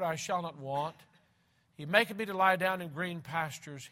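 A man preaching a sermon, reading scripture aloud and repeating key phrases slowly and with heavy emphasis, moving between loud and hushed passages. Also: fairly high pitch, expressive.

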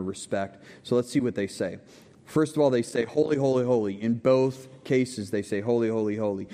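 Warm in tone and on the low side, a pastor's voice carries through long hall reverb as he preaches a conversational teaching sermon. He asks the congregation questions and keeps checking in with frequent okays.

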